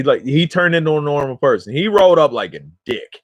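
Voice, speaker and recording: A man's voice: a little high, lively intonation, fairly quick, few pauses, no room sound. Slangy, rambling man, dry close sound. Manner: slangy, rambling, talks to viewers directly. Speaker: cannabis vlogger. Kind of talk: casual storytelling to camera.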